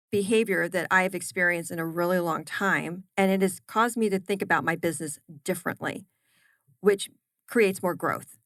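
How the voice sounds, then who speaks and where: A woman's voice: fairly low pitch, dry recording. A woman, a chef and business owner, telling stories in a casual podcast interview with emphatic repetitions. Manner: animated storyteller, emphatic repetitions.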